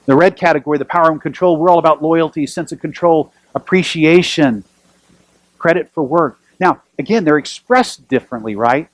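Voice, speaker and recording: A man preaching a sermon as pastor, telling lively stories with self-deprecating humor. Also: fairly high pitch, a little fast, no room sound, poor audio.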